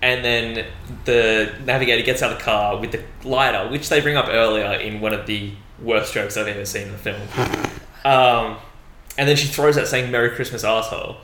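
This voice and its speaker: A young man recounts film scenes in a wry, casual way. His bright voice carries a roomy echo, with faint noise underneath. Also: medium pitch, moderate pace. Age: young adult. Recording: echoey room with faint background noise.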